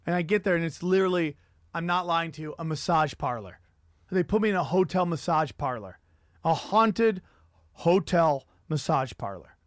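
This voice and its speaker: A man hosting a casual podcast, telling rambling, profane stories with animated energy. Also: fairly high pitch, moderate pace, no room sound, clean studio sound. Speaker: podcast host and comedian. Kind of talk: crude casual chat.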